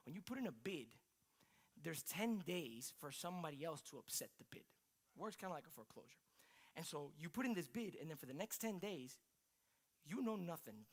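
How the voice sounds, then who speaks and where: A man pastor preaching a sermon, telling a story in an animated way and often exclaiming. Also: on the high side, husky.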